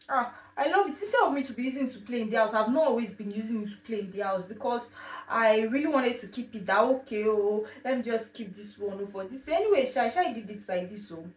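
A young woman vlogging casually from her home kitchen into a phone, telling a story in an animated, repetitive way. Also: a little high, brisk. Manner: chatty, animated storytelling, repeats herself. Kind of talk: casual vlog chat. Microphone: phone camera. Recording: echoey room, mic at a distance.

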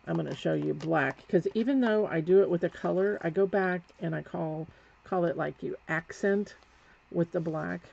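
A woman instructor with a lowish, slightly mellow voice and vocal fry speaks at normal speed while demonstrating painting live. She's chatty as she works and corrects herself along the way. Faint background noise sits beneath the dull, lo-fi recording.

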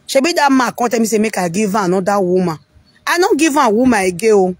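A woman's voice: on the high side, lively intonation, normal speed, long pauses, darkish tone, slightly rough, no echo. A woman with a Nigerian accent talking frankly in a casual monologue, rambling and repeating words mid-sentence.

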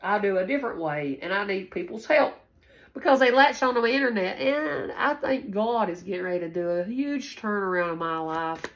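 Animated and mid-range in pitch, this woman moves at a moderate pace through an informal spoken tarot reading. It's a low-quality recording, and she is repetitive, meandering, and heavy on profanity.

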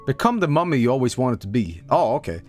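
A male streamer chatting casually at a home desk mic, his pitch bouncing all over as he talks. He reads game blurbs in a quick rattle and now and then jumps into goofy high squeals. A faint bit of music hums underneath. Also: sing-song. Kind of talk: casual live-stream commentary.

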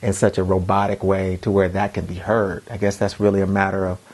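Deep-voiced man interviewing, measured. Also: monotone, a loud crowd. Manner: frequent short affirmations, measured questions. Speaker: interview host and college teacher.

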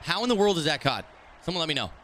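A man streaming a football video game, commenting live in a brash, excitable, trash-talking way. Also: fairly high pitch, racing, a little hiss or hum.

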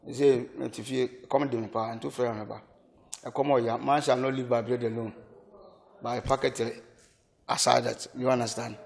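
A man with a Ghanaian accent being interviewed, talking in an animated way and often laughing. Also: mid-range voice, moderate pace, creaky. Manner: animated, switches between Twi and English, laughs often. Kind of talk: casual interview.

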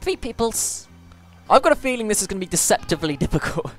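A let's-play gamer with a medium-pitched voice commentates quickly over her gameplay, chatty and playfully poking fun at herself. She gets excitable and often lets out panicked squeals. Soft music plays in the background.

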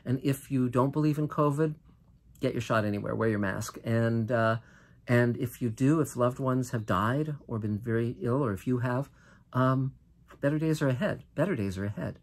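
Older American man, mid-pitched, earnest and impassioned solo monologue, restarts often. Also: fairly even intonation. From United States. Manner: earnest and impassioned, with frequent restarts and drawn-out emphatic phrases. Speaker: host. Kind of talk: political monologue to camera.

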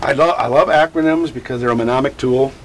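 A man who teaches about grief, answering interview questions in an animated, digressive way and acting out quotes. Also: mid-range voice, fast, slight background noise, rough recording. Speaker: grief educator.

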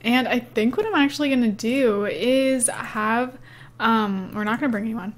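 A young woman casually narrating her life-simulation game as a gaming YouTuber, chatty and giggly, with lots of "um" and "like". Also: a little high. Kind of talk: casual let's-play commentary.

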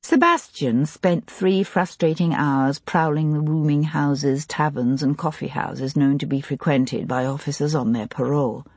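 A woman narrating an audiobook in a measured, expressive way. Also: low voice, breathy edge, no echo. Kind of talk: scripted narration of a historical mystery.

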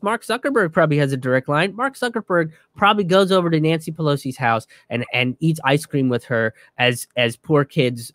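A man's voice: fairly high pitch, no room sound, clean studio sound. A young man and comedian giving heated, profane political commentary, ranting and restarting his sentences.

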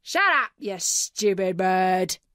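A woman voicing a shifty, gruff man who growls short replies in a children's storybook. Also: mid-range voice, lively intonation, very slow, fairly bright tone, no room sound, studio quality. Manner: growling, curt. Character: gruff, shifty man recruiting boys to sea.

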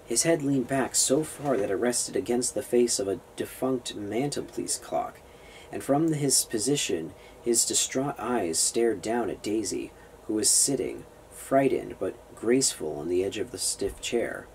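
A man's voice: lowish voice, big pitch swings, measured pace, darkish tone, slight background noise, poor audio. A man reading a novel aloud, stumbling over words and restarting lines. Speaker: reader of a novel on a public access show.

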